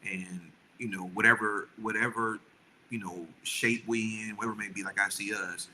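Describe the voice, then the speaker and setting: A man's voice: fairly low pitch, fairly even intonation, normal speed, pushed and bright, slight background noise, poor audio. A middle-aged man who co-hosts a podcast and chats earnestly and at length with his wife, often restarting his sentences. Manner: earnest, rambling with many restarts. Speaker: podcast co-host. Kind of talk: casual chat with his wife.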